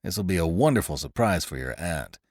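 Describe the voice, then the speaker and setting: A man voicing a bluff, jovial older gentleman who talks with booming bluster. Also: animated, brisk, dry recording, studio quality. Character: hearty older male uncle, bluff.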